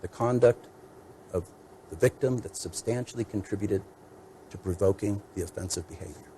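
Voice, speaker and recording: Brief: male defense attorney, low mellow voice, measured courtroom argument. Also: slight background noise, low-quality recording. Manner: measured, methodical, lists points.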